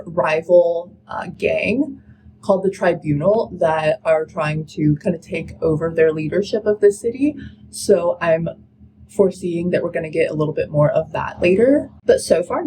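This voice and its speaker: A woman's voice: lowish voice, a little mellow, slight background noise, low-quality recording. A woman vlogging about her reading in a casual, candid chat, dropping lots of "like" fillers. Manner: casual, filler-heavy, with frequent "like"; candid and critical, then upbeat. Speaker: book vlogger. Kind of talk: chatty reading vlog rant.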